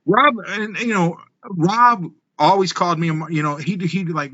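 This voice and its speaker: Male podcast guest, bright forceful tone, dry slightly dull lo-fi sound, animated storyteller. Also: fairly high pitch, moderate pace, no room sound. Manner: animated, laughing, swears freely. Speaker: wrestling guest. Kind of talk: casual storytelling.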